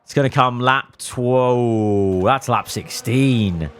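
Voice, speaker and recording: A man commentating his own racing management game, cheering on his drivers and swinging between calm analysis and elated outbursts. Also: mid-range voice, takes it slowly, clear, resonant tone. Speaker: gaming YouTuber.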